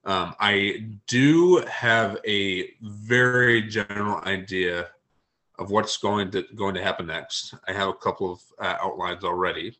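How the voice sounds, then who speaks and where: A man, an author being interviewed, speaking in a hesitant, low-key way with many ums. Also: a little slow, pushed and bright. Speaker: author guest. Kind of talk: casual interview chat.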